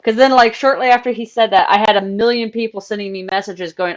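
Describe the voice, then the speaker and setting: A young woman talks casually on a live game stream, her voice sitting a little higher than most. She tells stories in an excitable, chatty way, breaking off now and then to deal with the game. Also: a little fast. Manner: chatty, excitable storytelling while multitasking in a game. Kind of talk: casual gaming stream chat.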